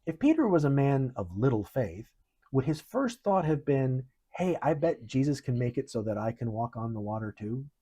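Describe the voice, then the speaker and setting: A male pastor preaches with a medium-pitched, slightly breathy voice. His sermon is earnest and conversational, and he leans hard on key words with animated emphasis.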